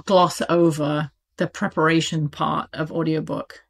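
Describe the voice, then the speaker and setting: A woman's voice: low voice, level tone, a little slow, vocal fry. A woman with a British accent, an audiobook publisher chatting as an interview guest, talking animatedly with plenty of fillers and laughs. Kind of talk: casual interview talk.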